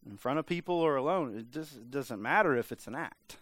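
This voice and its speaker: A man's voice: mid-range voice, animated, a little fast, a bit bright. A man preaching a casual, conversational sermon, full of "like" and playful mimicry of voices. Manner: conversational, lots of filler "like", mimics voices for humor. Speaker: pastor.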